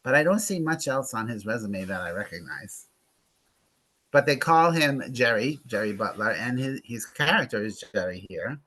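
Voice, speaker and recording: Male host for a movie club chat: campy, sarcastic, gossipy, bright and lively. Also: mid-range voice, normal speed. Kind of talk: casual movie review chat.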